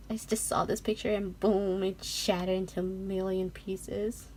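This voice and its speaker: A young woman vlogger chatting casually through an unboxing, gushing and giggling, often dropping to a soft whisper. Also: medium pitch, steady tone, a little slow, a little hiss or hum.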